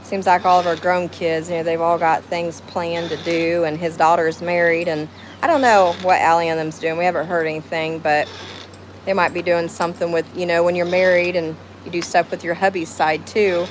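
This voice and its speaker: A woman's voice: lowish voice, flat delivery, normal speed, a little hiss or hum, low-quality recording. A middle-aged woman with a Southern US accent, hosting a casual livestream chat outdoors at home, rambling and emotional as she greets viewers by name. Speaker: livestream host.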